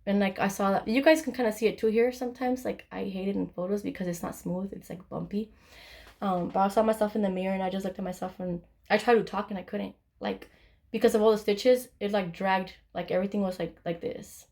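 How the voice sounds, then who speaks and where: A woman's voice: mid-range voice, steady tone, fairly quick, a little mellow. A young woman telling a personal story to her camera, candid and casual, swearing freely and acting out what everyone said. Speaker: vlogger.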